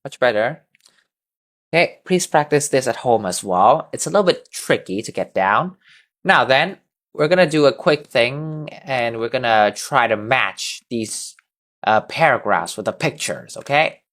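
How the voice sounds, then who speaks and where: A man leads an English lesson over a video call. He is patient and stretches key words out slowly so students can repeat after him. His voice sits at an ordinary pitch for a man. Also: expressive, a bit bright. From Vietnam. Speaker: English teacher. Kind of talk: online class instruction.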